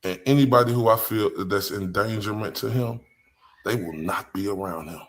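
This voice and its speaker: A man's voice: on the low side, moderate pace. A man with a Southern US accent hosting a live stream, talking bluntly and with profanity straight to his chat. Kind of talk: casual live-stream commentary.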